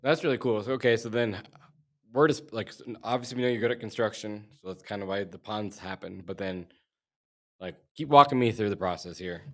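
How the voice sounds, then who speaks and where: A man with a deep, low voice hosts a casual business podcast. He reads figures aloud in an easy, unhurried way and keeps prompting his guest to go on. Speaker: podcast host. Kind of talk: casual interview.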